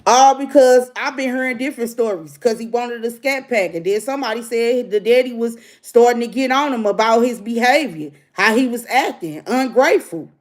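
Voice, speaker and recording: A woman's voice: a little high, normal speed, few pauses. A middle-aged woman, ranting bluntly to her livestream viewers like a preacher. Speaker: livestream host. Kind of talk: casual livestream rant.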